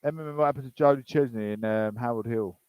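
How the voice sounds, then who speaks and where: A man's voice: mid-range voice, very fast, smooth, no room sound, muffled recording. Chatty man reading news. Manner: rambling, chatty asides. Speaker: political commentary host. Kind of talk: casual commentary reading news aloud.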